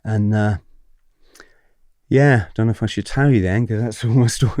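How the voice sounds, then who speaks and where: A man's voice: on the low side, moderate pace, mellow, dry recording, clean studio sound. A man guest on a podcast, telling his story candidly and animatedly, with swearing and frequent checks with the host.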